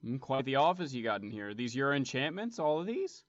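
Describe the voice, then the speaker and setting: A man's voice: mid-range voice, very animated, fairly quick, dry recording, close to an everyday voice. A smug, pompous young nobleman who boasts of his family name, played by a man in his own voice. The sound is dry and a little dull, as if through a plain home mic. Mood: haughty. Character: wealthy young nobleman, pompous and self-assured.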